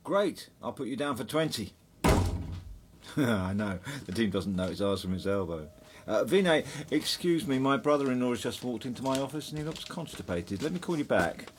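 Guy playing a smug brother-in-law, mocking, lively voice, hissy. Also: mid-range voice, natural voice. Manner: mocking, blunt. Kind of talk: TV drama acting.

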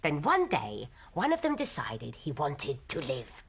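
An actress playing a tough, worn-down middle-aged housewife who talks bluntly and plainly about hard times. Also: female voice, deep voice, wildly swooping pitch, unhurried, creaky, husky, full character voice. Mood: weary. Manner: blunt, matter-of-fact, worn down. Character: tough weary working-class London housewife. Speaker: wife and host of old friends. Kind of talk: stage drama dialogue.

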